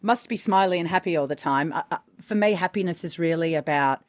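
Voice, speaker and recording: A woman with a slightly low voice talks things through on a podcast, reflective and chatty, doubling back on her words. The sound is dry and close-miked. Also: fairly quick, no echo. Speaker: podcast co-host. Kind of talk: casual chat.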